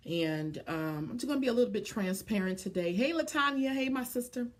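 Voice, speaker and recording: A woman's voice: on the high side, animated, a little fast. A woman business coach in a live stream, speaking earnestly from the heart to viewers, often stopping to greet them by name, with many ums and restarts.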